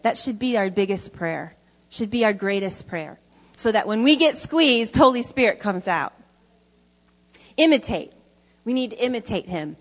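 A woman's voice: mid-range voice, expressive, moderate pace, long pauses, long reverb tail. A woman preaching a sermon to a congregation, emphatic and conversational, often asking the audience questions. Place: church hall before an audience.

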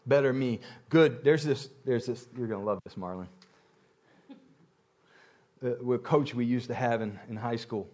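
A man's voice: mid-range voice, unhurried, pauses often, a little mellow. A man preaching a sermon, repeating phrases and building intensity, with occasional laughter. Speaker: pastor.

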